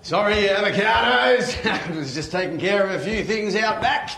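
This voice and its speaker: A man's voice: high voice, normal speed, vocal fry, sharp tone, heavily acted. An actor playing a man who fakes a boisterous Australian farmer, with a put-on Australian accent and lots of laughing slang. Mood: hearty.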